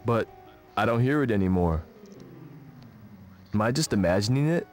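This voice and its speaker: An actor as a brooding young game hero. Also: male voice, lowish voice, lively intonation, a little mellow, soft background music, close to an everyday voice. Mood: earnest brooding. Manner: slow, solemn monologue. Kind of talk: dubbed game dialogue.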